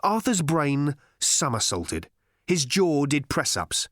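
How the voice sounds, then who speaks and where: A man's voice: medium pitch, very animated, fairly bright tone, dry recording. Wry male audiobook narrator. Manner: dry, measured, wry storytelling.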